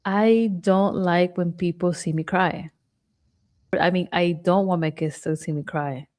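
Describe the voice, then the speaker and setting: A woman's voice: lowish voice, fairly even intonation, unhurried, darkish tone. A woman in her thirties co-hosting a podcast, chatting candidly about her family. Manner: chatty, candid, many fillers. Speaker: podcast co-host. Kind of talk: casual chat.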